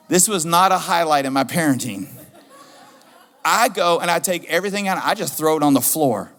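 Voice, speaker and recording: A middle-aged man preaching a sermon as pastor, animated and repeating his key questions for emphasis. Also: fairly high pitch, moderate pace, long pauses. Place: church sanctuary. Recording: reverberant church hall.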